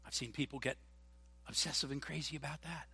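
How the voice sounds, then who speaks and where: A man preaching a sermon as pastor, animated and joking, acting out voices. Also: on the high side, fairly quick, husky, big-room sound. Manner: animated, jokey, acts out voices. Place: church.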